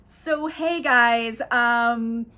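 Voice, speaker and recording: A woman's voice: fairly high pitch, very slow, pushed and bright, full character voice. A woman voicing a sheepish ancient immortal man, talking in an awkward, hesitant way.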